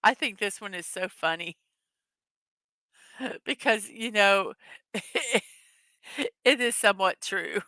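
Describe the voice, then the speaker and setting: Middle-aged woman host, giggly and chatty, unhurried delivery, bright clear voice, dry close sound. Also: medium pitch, no echo. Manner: giggly, chatty, laughs often at her own jokes. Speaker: host of a daily morning show. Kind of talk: casual chat reading memes to a live audience.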